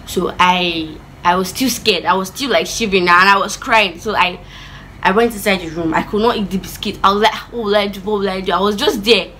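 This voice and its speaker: A woman telling a childhood story in a chatty, animated vlog style with lots of asides. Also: medium pitch, fairly quick, a little hiss or hum, poor audio. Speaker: vlogger.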